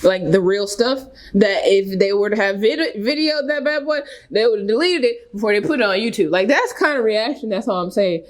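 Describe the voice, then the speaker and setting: A woman talks casually to camera about her own life. Her delivery is animated, leaping up in pitch for emphasis. She keeps checking in with her listeners as she goes. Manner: animated, with sudden pitch jumps and frequent "right?" and "okay?". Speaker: spiritual vlogger. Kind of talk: casual personal storytelling.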